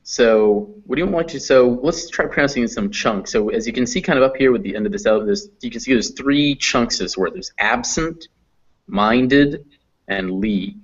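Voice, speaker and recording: Male pronunciation teacher, patient and methodical, mid-pitched, slightly dull audio. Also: husky. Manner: patient, explains step by step. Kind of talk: online class teaching.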